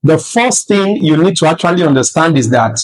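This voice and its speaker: A man's voice: on the high side, animated, rough recording. A man teaching a lesson, repeating points and constantly asking if students understand. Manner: checks in often with rhetorical "All right?" and "Do you understand?"; repeats and rephrases points slowly for emphasis. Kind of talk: classroom-style lesson.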